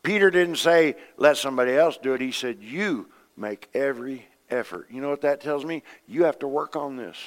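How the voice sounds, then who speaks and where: A middle-aged man, a pastor preaching a sermon, animated, acting out voices in his stories and swinging between loud and soft. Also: medium pitch. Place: church sanctuary. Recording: long reverb of a church hall.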